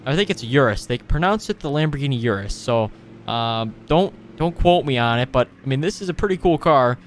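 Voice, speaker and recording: A man hosting a gaming video, giving excitable, casual play-by-play commentary full of exclamations and asides to his viewers. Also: mid-range voice, a little fast, a little hiss or hum. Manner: excitable, frequent exclamations, addresses viewers as boys.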